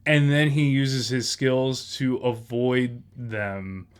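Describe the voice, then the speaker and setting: A man co-hosting a film podcast, talking in a relaxed, rambling way with many fillers. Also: mid-range voice, slow, clear, resonant tone. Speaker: podcast co-host. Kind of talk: casual film discussion.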